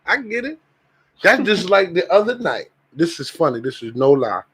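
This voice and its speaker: A husky-voiced man tells a story in an animated, casual way. His voice sits a little higher than most men's. He keeps things loose and jumps into other people's voices. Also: normal speed.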